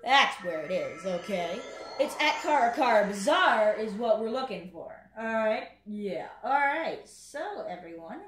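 A woman's voice: mid-range voice, sing-song, measured pace, a bit bright. Rambling woman narrating gameplay, echoey room. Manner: rambling, chatty, talks to the game. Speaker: gaming channel host. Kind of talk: casual gameplay commentary. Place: home room. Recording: echoey room with game music. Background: game music.

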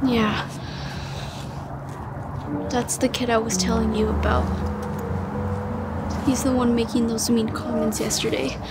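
An actress playing a shy teenage girl gamer who is hurt by a bully, speaking softly and hesitantly. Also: on the high side, flat delivery, measured pace, pauses often, heavy background noise. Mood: sad. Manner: soft, hesitant. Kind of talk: scripted drama acting.

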